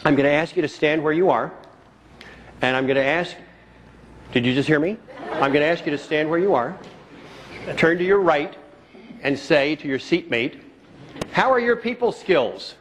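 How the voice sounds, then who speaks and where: A man's voice: on the high side, normal speed, long pauses, a little hiss or hum. A man giving a motivational keynote speech at a conference, telling stories and repeating key phrases for emphasis. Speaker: keynote speaker. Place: conference hall before a live audience.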